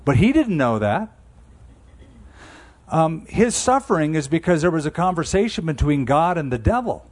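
A man in his sixties preaching with a somewhat high voice. He talks to the congregation in an easy, conversational way, then leans hard into the words that matter and slows right down on them. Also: big pitch swings, darkish tone. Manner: emphatic, conversational preaching with slowed key phrases. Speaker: pastor. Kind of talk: sermon.

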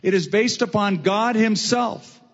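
Male preacher, high voice, deliberate drawn-out sermon delivery. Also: big-room sound, lo-fi sound. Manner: slow, emphatic preaching with drawn-out phrases. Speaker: pastor.

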